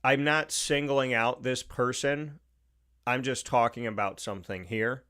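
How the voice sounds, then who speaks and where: A man's voice: mid-range voice, steady tone, a little slow, bright, forceful tone. Emphatic male talk show host. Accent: Upstate New York. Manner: emphatic, repeats points, acts out quotes. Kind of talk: opinionated monologue.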